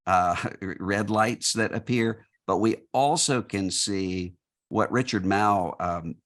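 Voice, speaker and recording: A man with a very low, deep voice answering interview questions in a measured, thoughtful way. He pauses with fillers and restarts his phrases as he reasons aloud. The delivery is conversational and unhurried in its thinking. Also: a bit bright. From United States. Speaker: guest.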